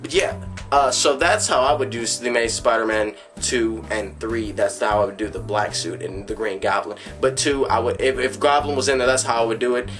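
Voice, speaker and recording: A man in casual fan commentary, rambling excitedly and acting out snatches of dialogue as he pitches movie ideas. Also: a little fast, faint music behind. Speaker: fan vlogger.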